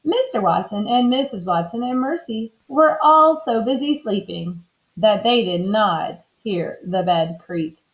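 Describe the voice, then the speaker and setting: A woman reading a children's book aloud in an expressive, animated way. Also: medium pitch, measured pace. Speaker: storybook reader. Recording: slightly dull lo-fi recording.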